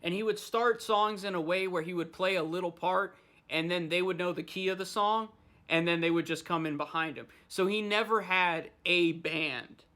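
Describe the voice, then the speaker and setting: A man's voice: sits high, normal speed, pushed and bright. A man hosting a podcast, ranting in loose, profane casual chat. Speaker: podcast host.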